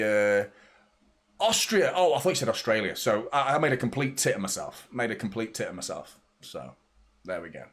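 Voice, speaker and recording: A man hosting a live football watchalong, reacting excitably and swearing as the action unfolds. He talks to viewers in a loose, chatty way at an ordinary middle pitch. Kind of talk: live match watchalong commentary.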